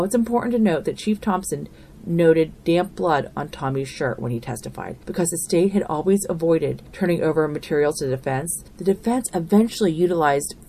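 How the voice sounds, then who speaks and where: Woman doing a true crime podcast, lowish voice, earnest and opinionated, little bit of hiss behind. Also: a little mellow. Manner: earnest, opinionated, conversational asides. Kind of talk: narrated podcast commentary.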